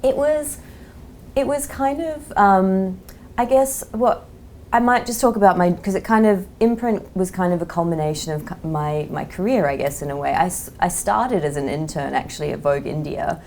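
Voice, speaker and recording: Low-voiced Australian woman, chatty and frank. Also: moderate pace, a little mellow, a little hiss or hum. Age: 30s. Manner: chatty, frank, many "like" and "um" fillers. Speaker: magazine editor, podcast guest. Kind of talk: casual interview chat.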